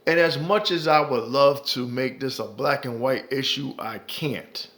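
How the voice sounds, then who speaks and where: A man's voice: medium pitch, measured pace, fairly bright tone. A man delivering impassioned ranting commentary, profane and heated, repeating phrases for emphasis. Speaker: commentary vlogger.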